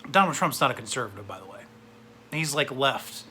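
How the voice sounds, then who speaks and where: A man's voice: mid-range voice, animated, fairly quick, sharp tone, a little hiss or hum. A man in his forties ranting to camera in a blunt, sarcastic way. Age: 40s. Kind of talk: political rant to camera.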